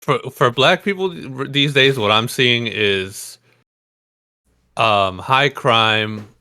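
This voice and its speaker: A man's voice: mid-range voice, slow pace, sharp tone, clean tone, no echo, clean studio sound. A man co-hosting a casual podcast, speaking bluntly and offhandedly and often breaking into laughs.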